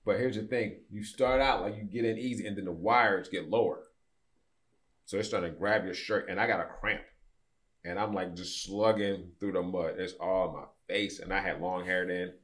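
This is a man in his fifties with a deep, low voice, telling a long story on a podcast. He chats casually and acts out the people in it with quick shifts of voice. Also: a bit bright. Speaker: podcast guest.

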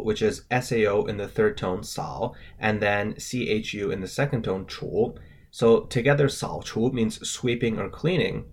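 A man's voice: lowish voice, slightly rough. A man co-hosting a language lesson, explaining word by word and spelling out the tones in a methodical, scripted way.

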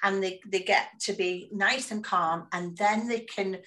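A woman's voice: medium pitch, unhurried, sharp tone, poor audio. A woman earnestly giving parenting advice in a casual discussion, sometimes repeating words as she gathers her thoughts.

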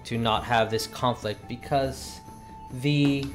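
Give me a slow, halting male game master recapping a session over faint music. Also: medium pitch, steady tone. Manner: slow, halting narration with many pauses.

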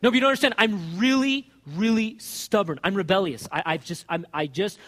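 A man's voice: high-pitched, brisk, a bit bright, long reverb tail. A preacher acting out an anxious new believer who protests and stammers over his own failings. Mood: protesting. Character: anxious new believer, adult man, self-doubting.

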